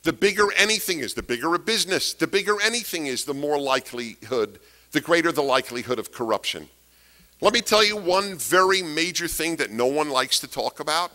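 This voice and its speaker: A man's voice: a little high, animated, brisk, bright, forceful tone. A man giving a political lecture to an audience, emphatic, repeating key phrases and asking rhetorical questions. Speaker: speaker giving a talk.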